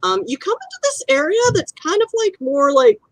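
A woman's voice: sits high, wildly swooping pitch, fairly quick, no room sound, rough recording. A woman narrating a tabletop role-playing game as game master, chatty and descriptive with many fillers.

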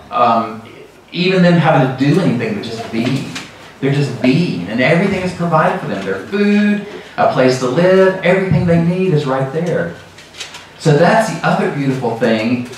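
A middle-aged man giving a lively sermon as a guest speaker, often breaking into laughter and acting out sounds. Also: medium pitch, recorded from a distance, slight background noise. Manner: lively, laughing often, acts out sheep calls. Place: large church sanctuary. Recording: very echoey church hall from afar.

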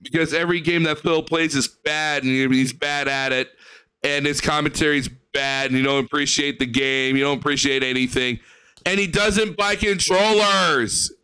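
A man's voice: mid-range voice, little pitch movement, moderate pace, pushed and bright, clean tone. A man hosting a reaction video, ranting and mocking the gameplay he watches with profane sarcasm. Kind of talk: mocking commentary over gameplay.

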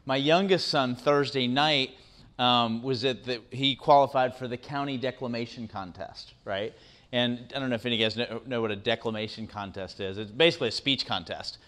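A middle-aged guest speaker with a mid-range, slightly bright voice gives a conversational motivational talk to students in a university lecture room. He talks fairly quickly, often asks the audience questions and tags on "right?"

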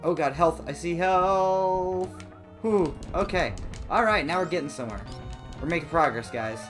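Over faint game music, a man delivers brisk let's play commentary, excitable and comically dramatic, breaking into high, squeaky exclamations.

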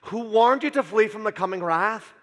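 A man's voice: high-pitched, moderate pace, fairly bright tone, pitched above the performer's own voice. A man voicing a fiery male prophet with a Scottish accent, scolding the crowds in a sermon. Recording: long church hall reverb.

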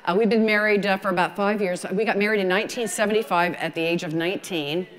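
A woman in her sixties with a Southern American accent, telling her story at a photography conference in a folksy, animated way. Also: mid-range voice, quick pace, in a large hall. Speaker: photography speaker. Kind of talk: conference talk.

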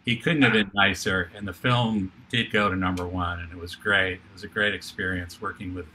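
An older man, a television producer and author, telling an animated anecdote as an interview guest, with frequent restarts. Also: low-pitched, fairly quick, slight background noise. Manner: lively storyteller with restarts.

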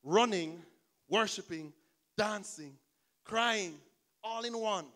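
Animated, bright-voiced man preaching. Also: sits high, slow. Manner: animated storytelling, acts out the people he describes. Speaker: pastor. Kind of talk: sermon.

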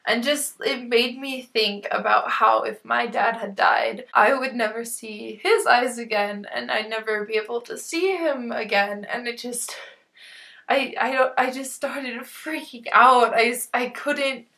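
High-voiced young woman, emotional and rambling. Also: a little slow, vocal fry, pushed and bright. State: near tears. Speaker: book vlogger. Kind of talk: casual book review.

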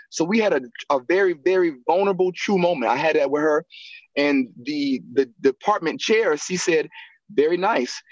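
This man, an actor and acting coach appearing as a guest, spins animated anecdotes in a relaxed interview, breaking into laughter and impersonating whoever he's quoting. He speaks at a normal speed in a slightly high voice, and the audio is dull with no echo.

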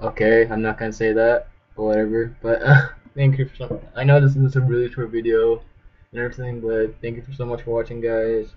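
A man's voice: medium pitch, flat delivery, brisk, lo-fi sound. A young man hosting his gaming channel, chatting goofily over his gameplay and breaking into squealing yelps. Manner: goofy, jumps to sudden squealing yelps. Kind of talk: casual gameplay commentary. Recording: loud game gunfire behind. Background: shooter game gunfire and clicks.

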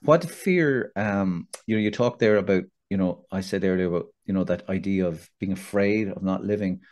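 A middle-aged man with an Irish accent hosts a relaxed podcast conversation. His voice sits fairly low, and he talks in a loose, self-deprecating way, often circling back and restarting his sentences. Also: normal speed. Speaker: podcast host. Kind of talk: casual interview chat.

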